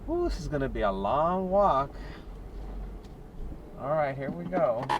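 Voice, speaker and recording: A man with a slightly high voice talks his way through a drive, chatty and quick to joke and exclaim at other drivers. Car and street noise runs clearly under his voice from the dash cam inside the vehicle. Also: animated, distant mic, muffled recording. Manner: chatty, joking, exclaims at traffic. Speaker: delivery driver vlogger. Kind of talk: casual driving commentary. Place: inside a car in Las Vegas. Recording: noisy car interior.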